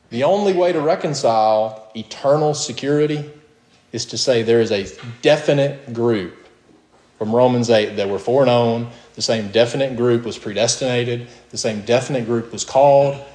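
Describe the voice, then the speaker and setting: This man delivers a sermon in an emphatic, insistent style, his mid-range, darkish voice leaping high each time he poses a question and punctuated by short laughs. The recording has a clear echo, like a reverberant room.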